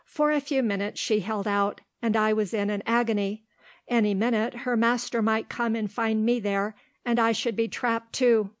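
A woman narrating a storybook in a steady, measured reading voice. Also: a little high, no echo. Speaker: audiobook reader.

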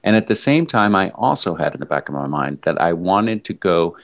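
A man with a very deep voice recounts a long run in relaxed conversation. He tells it as an animated story and sometimes jumps up into loud mimicry. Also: brisk. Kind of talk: casual chat recounting a run.

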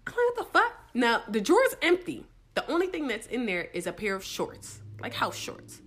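Young woman, podcast co-host, animated and swearing, pitch swings wide, sits a bit high. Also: moderate pace, slight background noise. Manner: animated, profane, laughing storyteller. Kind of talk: casual storytelling chat.

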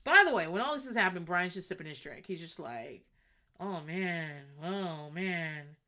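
A woman hosting a podcast, telling a reality show recap in a casual, animated way, acting out quotes and swearing freely. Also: lowish voice, fast. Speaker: podcast host.

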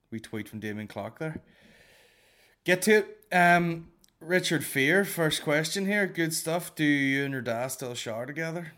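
A man's voice: mid-range voice, a bit bright. A man with a Northern Irish accent hosting a comedy podcast alone, answering listener questions in a sweary, rambling, self-mocking way. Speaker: podcast host. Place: alone in a room.

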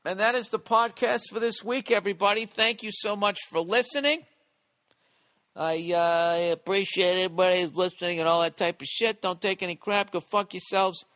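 A man's voice: sits high, moderate pace, sharp tone, no echo. A man hosting a podcast, ranting bluntly and swearing constantly. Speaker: podcast host. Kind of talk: profane casual podcast rant.

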